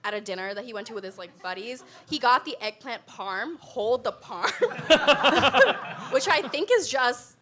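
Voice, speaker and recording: A young adult woman delivering an animated comedic talk to a live audience, laughing often between lines. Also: fairly high pitch, moderate pace. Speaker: comedy show guest.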